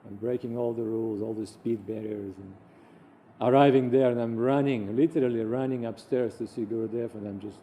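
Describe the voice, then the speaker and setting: A man recounts personal anecdotes with lively storytelling energy, slipping into the voices of the people he quotes. His tone is very dark and mellow, and his pitch sits in an average male range. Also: brisk. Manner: animated, acts out quoted voices.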